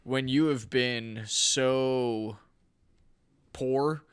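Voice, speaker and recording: A man hosting a casual podcast, speaking in a measured, thoughtful way. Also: mid-range voice, steady tone, clear, resonant tone, dry recording. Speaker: podcast host. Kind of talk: casual conversation.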